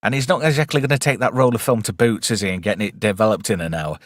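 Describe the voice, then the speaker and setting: A man's voice: lowish voice, quick pace, no echo, clean studio sound. A man hosting a casual live film review stream, chatty and wry with rambling asides.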